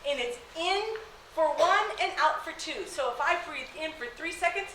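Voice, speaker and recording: A woman working as a high school athletic trainer, talking casually to students, often asking "okay?" and laughing. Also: expressive, moderate pace, pushed and bright, slight background noise. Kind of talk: classroom talk to students. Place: school room. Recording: echoey room.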